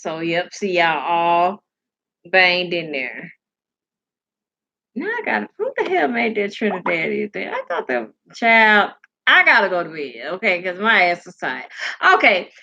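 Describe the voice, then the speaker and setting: A woman's voice: mid-range voice, pushed and bright, highs cut off. A sleepy woman hosting a casual live stream, rambling, laughing and answering comments from her chat.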